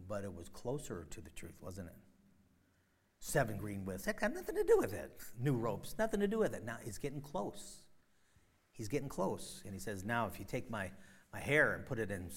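A man preaching a sermon, retelling a story in a loose, conversational way with many fillers and sudden loud, emphatic bursts. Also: fairly low pitch, breathy edge. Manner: frequent fillers and restarts, conversational.

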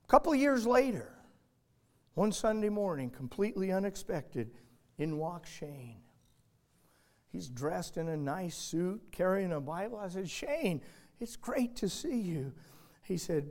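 A man preaching and telling a story from the pulpit, swinging between loud urgent moments and quiet hushed ones. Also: a little high, expressive, a little slow. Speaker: pastor. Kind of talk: sermon illustration storytelling.

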